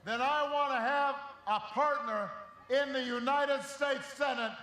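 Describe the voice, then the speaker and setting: Male rally speaker, high bright voice, booming through an echoey venue. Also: fairly even intonation, a little slow, slight background noise. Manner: rousing, shouting over a crowd. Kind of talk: campaign rally speech.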